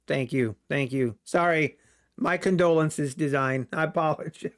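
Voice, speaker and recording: Casting: male trading streamer, unhurried delivery, laughs often, jokes in mock alarm. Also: a little high. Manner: laughing, mock-panicked joking about the market. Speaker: day trading livestream host. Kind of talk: live trading stream commentary.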